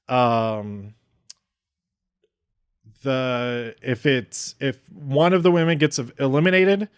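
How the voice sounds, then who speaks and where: A man's voice: medium pitch, no echo, studio quality. A man talking through a wrestling show in a casual, rambling review, often restarting sentences and getting openly emotional.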